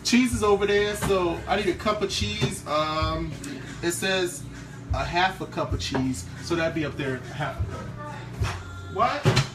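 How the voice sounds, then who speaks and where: Cooking in his home kitchen, an Eastern Shore of Maryland man with a trace of that accent chats casually on his live stream. He speaks unhurriedly in a high voice with lively intonation while music plays in the background.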